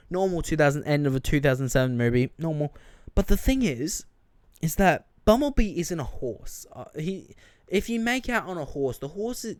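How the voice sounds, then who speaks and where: A man's voice: on the high side, smooth, dry recording, studio quality. Exasperated man ranting about movies. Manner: animated, exasperated, lots of fillers and restarts. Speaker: podcast host. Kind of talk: casual movie-review rant.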